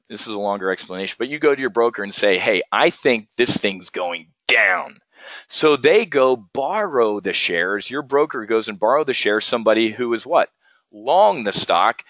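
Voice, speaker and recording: A man teaching options trading on a live webinar, energetic and profane, firing rhetorical questions at his viewers. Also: mid-range voice, no echo, lo-fi sound.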